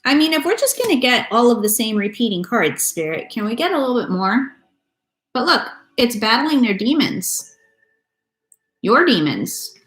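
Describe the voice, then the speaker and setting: A tarot reader with a fairly high, sing-song, slightly bright voice gives a casual reading to her viewers at normal speed. She's blunt and swears a lot, recorded in an echoey room with faint music.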